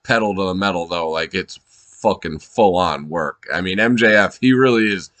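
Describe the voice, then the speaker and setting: A man giving off-the-cuff excited commentary, rambling and swearing, laughing often and restarting his sentences while a little high. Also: moderate pace, dry recording. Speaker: wrestling fan vlogger.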